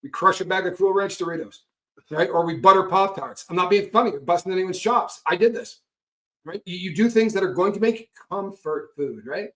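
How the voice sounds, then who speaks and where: Middle-aged man, slightly high voice, blunt and emphatic, conversational guest. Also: fairly quick, pushed and bright. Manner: frank, emphatic, repeats points with "right?". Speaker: guest speaker on recovery. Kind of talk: candid conversational talk.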